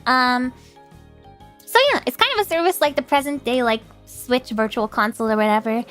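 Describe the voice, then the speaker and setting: A woman's voice: a little high, lively intonation, normal speed, a bit bright, faint music behind. Chatty stuffed-up woman streamer. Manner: chatty, laughs often, greets chat by name. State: stuffed-up nose. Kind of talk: casual livestream chat.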